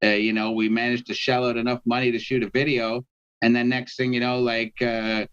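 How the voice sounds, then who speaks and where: A man's voice: medium pitch, little pitch movement, brisk, fairly bright tone, clear, resonant tone. Male rapper guest on a video call: rambling storyteller, dull lo-fi sound. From Canada. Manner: rambling storyteller, many fillers. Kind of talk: casual interview over video call.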